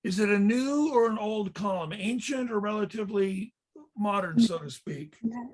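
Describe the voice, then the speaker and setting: A man with a fairly high voice walks listeners through photos in a Bible history class, pausing on fillers and restarting phrases as he explains. He talks like a tour leader preparing a group for a trip, steady and explanatory. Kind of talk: slide-based Bible history lesson.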